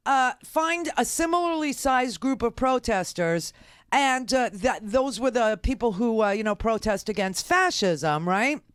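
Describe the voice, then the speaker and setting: A woman's voice: fairly high pitch, clear, resonant tone, no echo, studio quality. A middle-aged woman hosting a political talk radio show, delivering an indignant, exasperated monologue with many fillers and restarts. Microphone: studio microphone.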